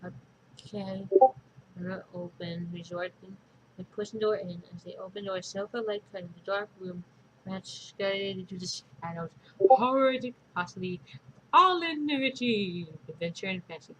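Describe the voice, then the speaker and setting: A woman's voice: fairly low pitch, normal speed, slight background noise, rough recording. A woman reading a storybook aloud in a casual, unpolished way, chatting to viewers in asides. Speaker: storybook reader.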